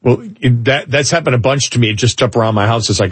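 A middle-aged man co-hosts a talk radio show. His voice is husky at a medium pitch, close and dry. He talks in long, looping restarts with an exasperated edge. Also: quick pace, dry recording. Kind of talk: casual on-air talk.

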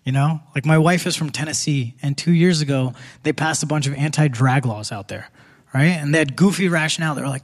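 A man's voice: on the high side, fairly quick. A young man with an Indian accent doing a live stand-up set on a theater stage, punchy and conversational, with asides to the crowd. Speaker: stand-up comedian. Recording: live theater audience audible.

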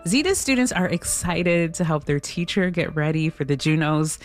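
A woman co-hosting a radio show, introducing segments and interviewing in a relaxed, playful way. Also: sits low, normal speed, loud music behind the voice.

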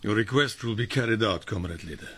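A man's voice: lowish voice, sing-song, unhurried, fairly bright tone, husky, heavily acted. An actor playing an eager male undercover agent who answers in stiff, formal, faintly comic lines, putting on a solemn soldier act. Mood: mock-solemn.

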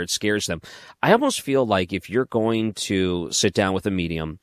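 A man's voice: on the low side, lively intonation, normal speed, smooth, dry recording. A man hosting a late-night radio talk show, asking long, thoughtful questions of his guest.

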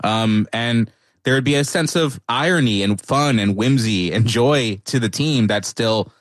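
A man, an author and guest, talking through his answers in a thoughtful, halting way with many restarts. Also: mid-range voice, dry recording. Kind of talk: conversational interview answers.

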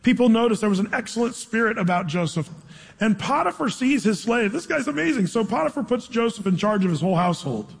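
A man preaching a sermon, reading scripture slowly and dramatically, then retelling the story in a casual, storytelling way. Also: high voice, animated, creaky, husky. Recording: long reverb of a large hall.

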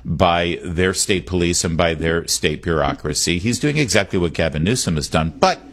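A middle-aged man with a low voice hosts a political call-in radio show. He talks in an animated, wandering way and leans hard on his points. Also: normal speed. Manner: animated, digressive, emphatic. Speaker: radio talk show host. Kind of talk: political talk radio monologue.

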